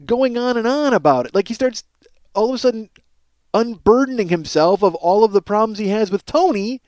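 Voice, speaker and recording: A man's voice: high voice, animated, brisk, darkish tone, dry recording. A man hosting a podcast, telling a rambling, profane comic story with mounting exasperation. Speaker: podcast host.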